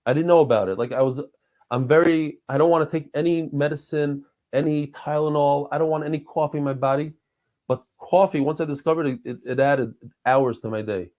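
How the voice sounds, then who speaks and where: A man's voice: fairly high pitch, brisk, lo-fi sound. A man in his forties, a podcast guest, telling stories in a rambling, heartfelt way with frequent restarts. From New York and Israel. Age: 40s. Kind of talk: casual conversation.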